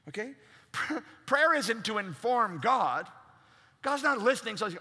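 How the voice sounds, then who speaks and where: A man's voice: high-pitched, big pitch swings, a little slow, bright, forceful tone, slightly rough. A man preaching a sermon as pastor, emphatic and acting out the voices he quotes. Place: large church. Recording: long reverb in a large church.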